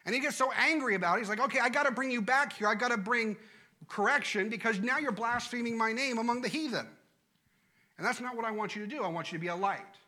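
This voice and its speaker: A man preaching a sermon, emphatic, repeating key phrases and dropping from loud declarations to hushed, quiet lines. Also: extremely high pitch, quick pace.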